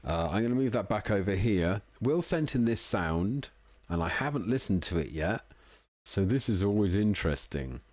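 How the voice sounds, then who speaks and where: A man's voice: on the low side, lively intonation, normal speed, darkish tone, dry recording. A man hosting a casual live music-making stream from home, chatty and self-deprecating, a little tipsy. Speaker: livestream music producer host. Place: home room in the evening.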